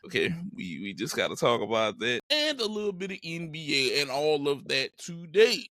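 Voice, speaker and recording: A man's voice: a little high, big pitch swings, moderate pace, sharp tone, no echo, studio quality. A man hosting a casual podcast, hyped and slangy as he opens the show. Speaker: podcast host.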